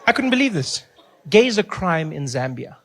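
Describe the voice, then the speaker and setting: A man from South Africa with a South African accent, doing stand-up comedy, telling stories in an animated way and laughing at his own jokes. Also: on the high side, normal speed, some chatter behind.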